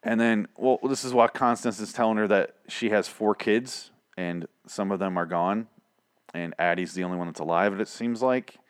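A man casually recapping a TV show in a profane, excitable, rambling way. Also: on the low side, normal speed, smooth, no echo, clean studio sound.

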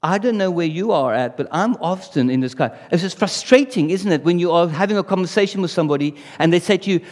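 A man's voice: sits high, animated, quick pace, darkish tone. A man preaching a sermon in a conversational way, often asking the audience rhetorical questions. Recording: long reverb in a hall.

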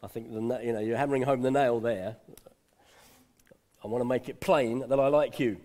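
A man's voice: mid-range voice, steady tone, a little fast, pauses often, warm tone. A man giving an informal, conversational sermon and chuckling often. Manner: conversational, repeats words for emphasis, chuckles often. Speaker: preacher.

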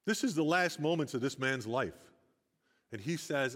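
A man's voice: mid-range voice, animated, moderate pace, fairly bright tone. An older man giving an earnest sermon, telling Bible stories with rising emphasis. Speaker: preacher. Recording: long hall reverb.

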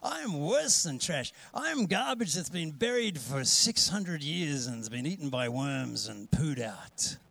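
A despairing inner voice mutters slowly, tearing itself down, put on by a preacher mid-sermon. The tone sits a little high for a man. It drags through its self-loathing words. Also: very animated, vocal fry, fairly bright tone, full character voice. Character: despairing man talking himself down.

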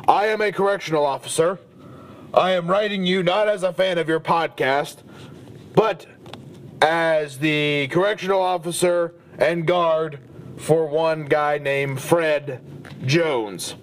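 A man playing a gruff, hot-tempered middle-aged brawler who hosts a podcast, talking with crude, profane macho bluster. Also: high voice. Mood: reading aloud. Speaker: comedy podcast host in character. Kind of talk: comedic character monologue.

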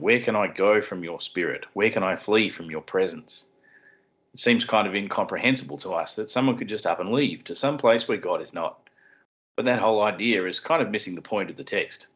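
A man with a very low voice, talking through scripture for a podcast. He explains things plainly and slips in wry puns. The sound is dull and lo-fi. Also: a bit bright. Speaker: podcast co-host. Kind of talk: casual chat and Bible teaching.

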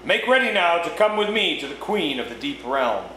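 A man's voice: on the high side, sing-song, normal speed, bright, forceful tone, voice pushed up. A man reading aloud, voicing a stern male warden of an underground realm with formal, commanding speech in a storybook. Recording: echoey room with background noise.

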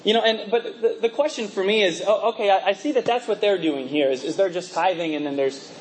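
A man's voice: high voice, fairly quick, slight background noise, rough recording. A young man preaching a conversational sermon, full of rhetorical questions and laughing asides, with a mixed accent. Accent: mixed, from working in a multinational office.

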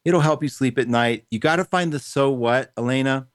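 A man hosting a call-in radio show, gently reassuring callers and calling them sweetie and honey. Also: medium pitch, normal speed, no room sound, studio quality.

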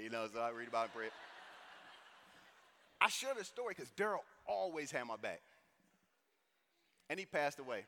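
A man in his thirties from St. Louis giving a personal testimony at a conference, telling the story in a casual, animated way with lots of slang asides. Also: a little high, fairly quick, long pauses, slight background noise. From St. Louis, USA. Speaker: conference speaker. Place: conference hall. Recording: echoey hall reverb.

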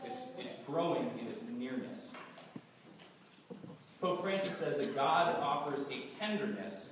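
Brief: New England-accented male preacher with a cold, chatty and wry, mid-pitched voice heard from far off in a reverberant hall with steady noise. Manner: conversational, gently humorous, stumbles and repeats words. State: has a cold. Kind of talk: sermon. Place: large church hall.

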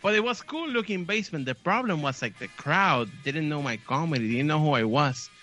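A man's voice: fairly high pitch, lively intonation, brisk, sharp tone, soft background music. A Puerto Rican man, a comedian guest, telling a story with energy, acting out voices and swearing freely. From Puerto Rico. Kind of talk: storytelling chat, then stand-up clip.

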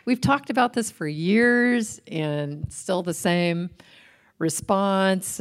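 A middle-aged woman with a low voice co-hosts a relaxed faith-centered chat. She tells everyday stories in a lively, animated way. She laughs often as she talks. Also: measured pace. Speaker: co-host.

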